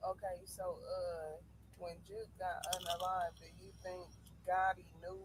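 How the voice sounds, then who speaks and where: Soft-spoken high-voiced man asking questions. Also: flat delivery, a little slow, a little hiss or hum, low-quality recording. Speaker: live-stream participant. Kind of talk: casual live-stream chat.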